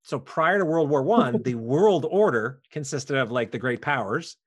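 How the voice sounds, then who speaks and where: A man's voice: mid-range voice, expressive, normal speed. A man co-hosting a casual podcast, lecturing on history with jokes. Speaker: podcast co-host.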